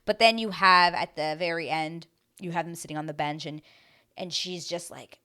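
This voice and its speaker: Low-voiced chatty woman recapping TV. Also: steady tone, moderate pace, sharp tone, clean tone. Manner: chatty, rambling, many fillers like "like" and "um". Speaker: reality TV recap host. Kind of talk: casual recap commentary.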